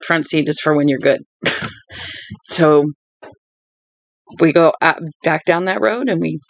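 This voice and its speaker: Tired 40s woman streamer, gravelly voice, dry close sound, rambling chatty delivery. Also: deep voice, slow, no echo, low-quality recording. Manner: chatty storyteller who drifts off topic. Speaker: book-reading livestream host. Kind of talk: rambling casual chat. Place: at home with dogs.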